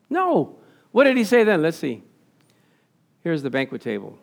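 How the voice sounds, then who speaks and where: A man preaching a sermon as pastor, animated, laughing often and asking his listeners questions he then answers himself. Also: high voice, moderate pace. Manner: animated, asks the congregation questions and answers them. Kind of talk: sermon with slides.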